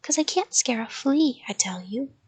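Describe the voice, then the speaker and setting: A woman doing a loud bratty little kid in a clown suit, high squeaky voice with a breathy edge, yelling and complaining her way through a storybook. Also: lively intonation, normal speed. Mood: glum. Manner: loud, exclamatory, blurts out complaints. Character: brash excitable little girl in a clown costume. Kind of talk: storybook reading.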